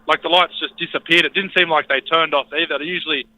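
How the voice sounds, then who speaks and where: A man with an Australian accent calls in to a radio show and tells his story in a laid-back, halting way. His voice is slightly high and very bright, with a tense, forceful edge that carries over the line. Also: steady tone, no room sound, highs cut off. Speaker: caller. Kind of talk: phone-in story.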